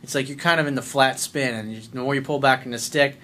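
A man's voice: medium pitch, fast talker, heavy background noise. A man coaching listeners on dating in a blunt, emphatic, profane way. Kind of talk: advice monologue reading listener letters.

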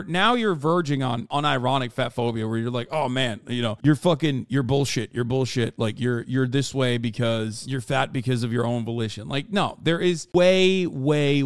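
A man's voice: a little high, smooth, no room sound. A man hosting a live podcast, giving a heated, profane and sarcastic rant into a close microphone. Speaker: streamer podcast host. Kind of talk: ranting live commentary.

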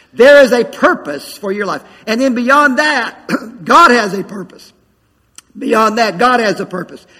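A man's voice: high voice, pushed and bright, breathy edge, big-room sound. A man preaching a sermon as pastor, calling out to his congregation. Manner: preaching with call-outs to the congregation.

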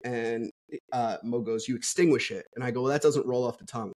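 A man's voice: mid-range voice, fairly quick, darkish tone. A man guest on a podcast, talking casually and bluntly with plenty of swearing, telling his story candidly. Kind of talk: casual conversational interview.

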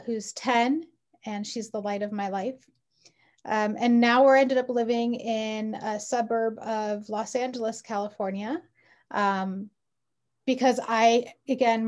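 Earnest woman in her 40s, bit higher voice, telling her own story w lots of ums. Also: darkish tone. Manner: earnest and heartfelt, with frequent ums. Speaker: interview guest; mother. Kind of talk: personal storytelling.

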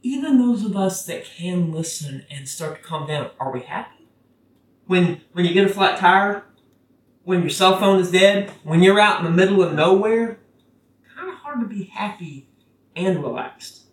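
A preacher giving a casual, conversational sermon that gets animated when quoting scripture. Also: medium pitch, normal speed, slight background noise. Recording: roomy, from a distance.

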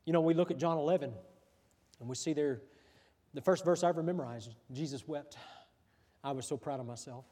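A pastor preaching to his church, a man with a notably high voice. He builds through repeated questions and often lets his phrases sink to a near hush. The sound carries a long reverb from the sanctuary hall. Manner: preaching with pauses and repeated rhetorical questions, voice dropping soft at line ends. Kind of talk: sermon.

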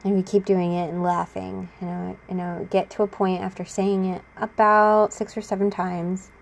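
A woman's voice: on the low side, flat delivery, normal speed, gravelly. A young adult woman talking casually to the camera about her own experiences, laughing often and acting out what others said. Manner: chatty, laughs often, acts out quotes. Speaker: vlogger sharing personal experience.

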